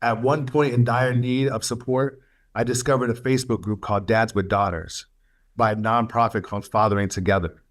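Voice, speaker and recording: A man sharing his life story as a webinar speaker, earnest and emotional, with halting pauses and fillers. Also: mid-range voice, steady tone. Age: adult, studying for a master's. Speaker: webinar speaker, youth mentor.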